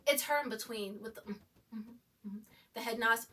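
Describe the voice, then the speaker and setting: Chatty, bright-voiced woman gushing over a show. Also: a little high, normal speed, far from the mic. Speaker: TV recap vlogger. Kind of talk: excited casual recap commentary.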